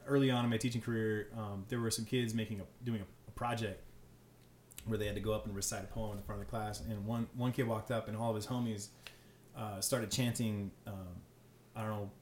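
A man, a teacher and podcast guest, telling classroom stories in animated casual chat, full of "like" and restarts. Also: lowish voice, slight background noise. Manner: fast, animated storytelling with many fillers. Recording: echoey room.

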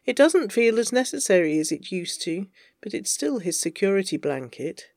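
A narrator reading fan fiction aloud, with even, wry storytelling. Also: medium pitch, normal speed, dry recording, clean studio sound.

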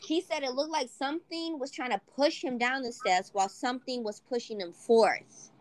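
A woman co-hosting a casual podcast chat, animated and acting out quoted voices. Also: high-pitched, moderate pace. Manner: animated, swears, acts out quotes. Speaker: podcast co-host.

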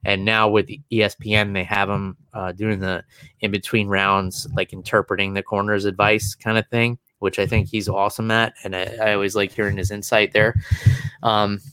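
A man's voice: on the low side, flat delivery, sharp tone, smooth, dry recording. A man talking casually about a fight, full of restarts and fillers as he thinks aloud. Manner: fast, rambling, many restarts and fillers. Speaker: MMA analyst guest. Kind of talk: casual podcast chat.

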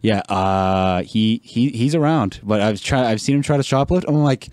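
A young man telling animated stories as a podcast guest, swearing freely and laughing often. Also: lowish voice, normal speed, dry recording. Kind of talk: casual podcast chat.

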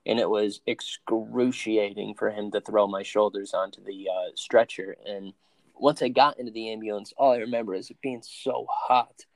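A young man in his twenties telling the story of his accident in an interview, halting and full of fillers and restarts. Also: fairly low pitch, fairly even intonation, vocal fry, dry recording. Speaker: interview guest.

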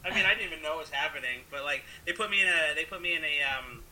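A young man with a very bright, slightly high voice tells a rambling story in casual chat. He fills it with "like" and "um" and plays out the people he quotes. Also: fast talker, a little hiss or hum, rough recording. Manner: rambling, filler-heavy, acts out quoted voices.

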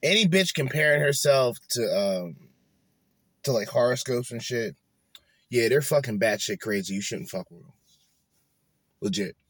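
A man's voice: mid-range voice, expressive, normal speed, pauses often, a bit bright, no echo. A man hosting a podcast, ranting bluntly and swearing a lot as he reacts to clips. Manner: blunt, profane, dismissive. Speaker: podcast host.

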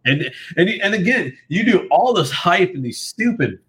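A man's voice: high-pitched, very animated, normal speed, a bit bright. A man co-hosting a sports podcast, talking bluntly and conversationally and swearing now and then. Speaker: podcast co-host. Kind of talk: casual sports chat.

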